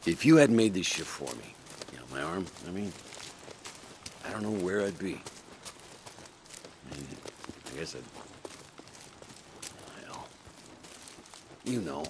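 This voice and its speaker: An actor playing a rough, weary male biker who swears a lot, in video game dialogue. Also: sits low, very animated, slow pace, pauses often, background noise, full character voice. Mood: bitter.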